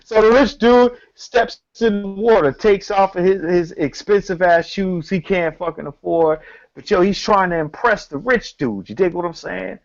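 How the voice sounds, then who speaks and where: A man co-hosting a casual talk show, telling a story in an animated, slangy, profane way. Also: high voice, moderate pace, vocal fry, highs cut off. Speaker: podcast co-host.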